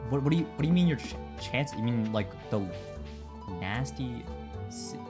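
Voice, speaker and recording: A man's voice: mid-range voice, animated, normal speed. A man streaming a game, chatting casually in a rambling, stammering, profane way. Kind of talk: casual live-stream chat. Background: game music.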